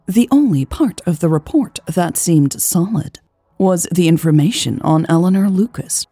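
Woman narrator, low gravelly voice, husky tone, unhurried storybook reading, dry close sound. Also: dark tone, no echo. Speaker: audiobook narrator. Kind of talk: scripted narration.

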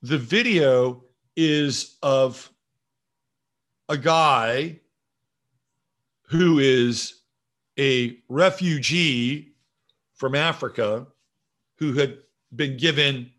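Male livestream host, mid-pitched, casual and profane, rambling while reading chat. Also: extremely slow, long pauses, a bit bright. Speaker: show host. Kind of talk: livestream talk reading viewer comments.

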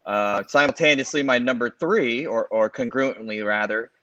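On a lo-fi, dry recording, this LA-area sports podcast co-host in his forties speaks at a normal speed in a medium pitch. He chats casually and spins long, animated stories that ramble and lean heavily on fillers.

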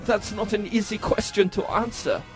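A man's voice: sits high, steady tone, moderate pace, soft background music, lightly acted. A man playing a spy posing as a Nazi job applicant in a comedy sketch, stiff and falsely earnest.

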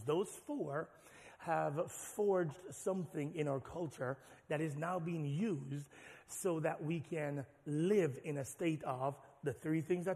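A man with a high, bright voice preaches, building from easy teaching into fervent, shouted passages. His sermon rings through a large hall with a long reverb tail. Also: gravelly. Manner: animated preaching, rising to shouts. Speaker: pastor.

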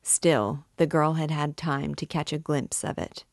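Slow, low-voiced woman reading a novel. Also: vocal fry, dry recording, clean studio sound. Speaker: book reader and guide. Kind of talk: literary reading aloud.

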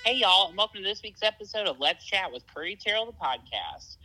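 A man's voice: high voice, sing-song, fairly quick, over loud music, rough recording. A man with a Southern US accent hosting a casual podcast chat, chatty and self-deprecating. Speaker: podcast host.

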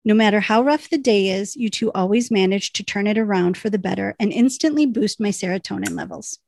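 A woman's voice: mid-range voice, a little fast, creaky, a little mellow, no room sound. Chatty woman podcast co-host. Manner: chatty, reads letters with bursts of laughter. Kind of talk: casual chat, reading listener emails aloud.

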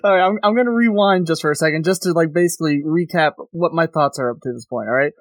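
A man's voice: on the high side, fast talker, no echo. A man co-hosting a comic book podcast, wryly recapping the plot with mocking quotes. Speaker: podcast co-host. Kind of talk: casual comic book review chat.

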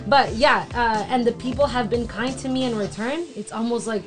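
A young woman in a casual faith chat, reading Bible verses and then talking in relaxed slang. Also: fairly high pitch, moderate pace. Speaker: co-host of a faith discussion.

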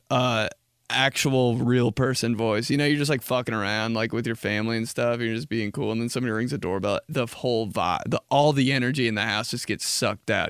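A young man hosting his own podcast talks in a loose, rambling way, full of "like" filler, and he keeps jumping into jokey high voices. His voice sits in an ordinary middle range. It comes through a close mic in a dry, deadened room. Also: a bit bright, no echo. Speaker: podcast host. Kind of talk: casual solo podcast chat.

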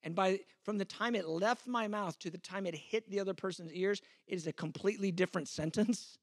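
A man's voice: sits high, brisk, no echo, clean studio sound. A man in his fifties, a pastor, teaching a sermon in a conversational, self-deprecating way, acting out the exchanges he quotes.

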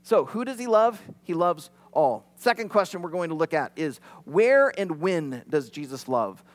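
Male pastor, sermon, high and very lively voice. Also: moderate pace. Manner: animated, acts out quotes.

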